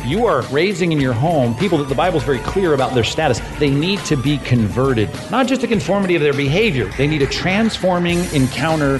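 A man's voice: on the high side, expressive, a little fast, few pauses. Earnest male preacher with music underneath. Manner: earnest, emphatic. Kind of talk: sermon clip.

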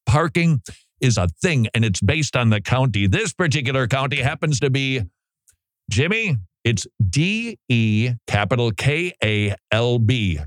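A male radio host riffing in a studio, his pitch leaping around as he jokes and laughs between points. The sound is close and dry, with no room around the voice. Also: moderate pace, no echo. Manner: animated, joking, laughs often. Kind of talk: casual talk-radio monologue. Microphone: studio mic.

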